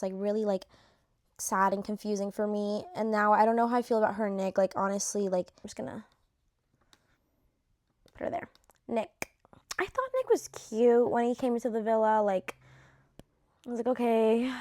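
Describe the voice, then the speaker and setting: A woman's voice: on the high side, gravelly, darkish tone. A young woman vlogging in casual chat, gushing and chatty, leaning on "like" and dropping swear words, her voice a little worn. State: losing her voice. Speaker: vlogger ranking reality show cast.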